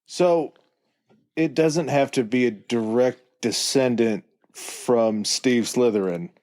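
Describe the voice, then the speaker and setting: A man's voice: mid-range voice, slow pace, a little mellow. Curious joking podcast man. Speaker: podcast co-host asking questions. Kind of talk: casual podcast chat.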